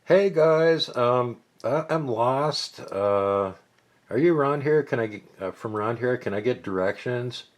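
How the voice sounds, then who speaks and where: A man voicing a young girl adventurer who sneaks around in a hush and stammers when caught out. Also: lively intonation, measured pace, natural voice. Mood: flustered. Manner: hushed whisper, then flustered high-pitched stammering.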